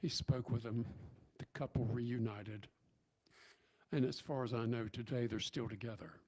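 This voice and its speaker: A man's voice: medium pitch, fairly even intonation, normal speed, darkish tone. A man telling a story in a church sermon, folksy, with many restarts and fillers. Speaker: speaker at church service. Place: church sanctuary.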